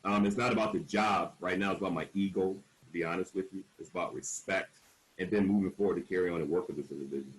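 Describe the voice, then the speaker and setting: A man in his forties speaks in a somewhat low voice as a panel speaker, telling his own story frankly. He leans hard on key words and slips into the voices of the people he quotes. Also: fast, low-quality recording. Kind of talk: candid personal storytelling at a panel.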